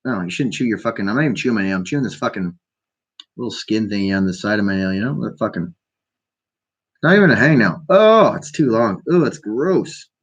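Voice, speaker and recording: A man's voice: lowish voice, lively intonation, fairly quick. A man from Canada hosting his own show, ranting in a profane, rambling monologue about conspiracies. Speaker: host.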